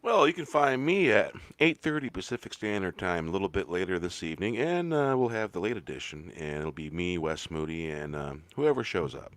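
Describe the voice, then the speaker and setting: Deep-voiced man, halting chat, dry sound. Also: sing-song, a bit bright, dry recording. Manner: halting, many uh and um fillers. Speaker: guest. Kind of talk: casual chat.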